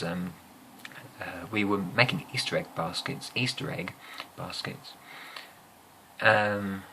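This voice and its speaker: Deep, bright-toned young Englishman telling ASMR stories. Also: a little hiss or hum, poor audio. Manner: rambling, hesitant, amused. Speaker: ASMR storyteller. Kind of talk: soft-spoken ASMR storytelling.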